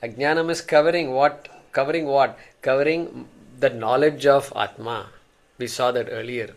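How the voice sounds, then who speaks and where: A man's voice: medium pitch, steady tone, moderate pace. A man teaching a class, explaining with examples and often repeating words as he thinks. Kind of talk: class lecture.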